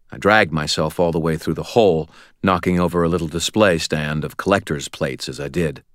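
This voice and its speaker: A man narrating an audiobook in a wry, expressive storytelling manner. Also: extremely low pitch, dry recording, clean studio sound.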